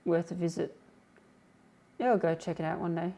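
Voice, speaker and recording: A woman's voice: lowish voice, fairly even intonation, moderate pace, dark tone. A young woman hosting a live stream, chatting casually and reading out viewer comments with lots of fillers. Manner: rambling, filler-heavy, reads comments aloud. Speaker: livestream host.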